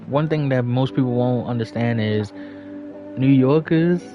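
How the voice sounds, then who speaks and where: A man's voice: mid-range voice, measured pace, lo-fi sound, music in the background. New man, profane casual storytelling. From New York. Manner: loose, profane, chuckling storyteller. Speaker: livestreamer. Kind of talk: casual storytelling while gaming.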